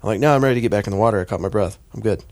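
An American man casually telling a story on a podcast, animated and profane, acting out the voices of the people in it. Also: lowish voice, racing, no room sound. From United States.

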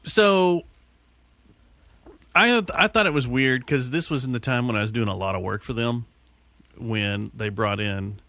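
A man's voice: medium pitch, a little slow, pauses often, bright, forceful tone, dry recording. A man co-hosting a podcast, chatting casually with dry wisecracks and rambling asides. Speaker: podcast co-host.

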